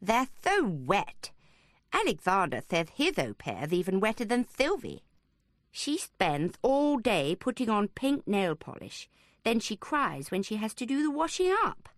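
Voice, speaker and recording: A woman voicing eight-year-old twin boys in an audiobook, with a high, cheeky, bickering childish voice. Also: big pitch swings, unhurried, no room sound, studio quality. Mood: complaining.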